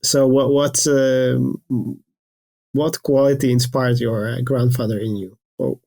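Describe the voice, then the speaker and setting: A man hosts a podcast interview at a middle pitch. He asks his questions haltingly, with many pauses and fillers. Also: little pitch movement, gravelly, dark tone. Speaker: podcast host.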